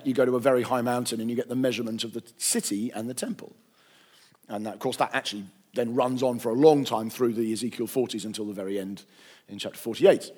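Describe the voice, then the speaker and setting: A man's voice: mid-range voice, darkish tone. A man giving an unscripted lecture on scripture, thinking aloud with frequent ums and self-corrections.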